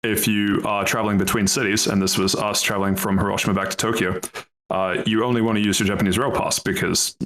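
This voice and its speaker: A young man with a lowish voice holds forth in relaxed podcast chat. He rambles through his stories with plenty of fillers, chuckles and casual swearing. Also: quick pace, rough recording. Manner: rambling, laughs often, swears freely. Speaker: podcast co-host.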